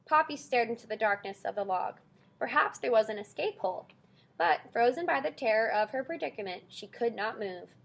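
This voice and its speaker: Casting: expressive female audiobook narrator, slightly high voice. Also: brisk, vocal fry. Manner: expressive storytelling. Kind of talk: scripted narration.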